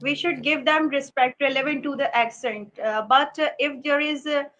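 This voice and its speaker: High-voiced hesitant woman host. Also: steady tone, normal speed, a bit bright, poor audio. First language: Urdu. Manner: hesitant, many uh fillers. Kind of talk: interview questions.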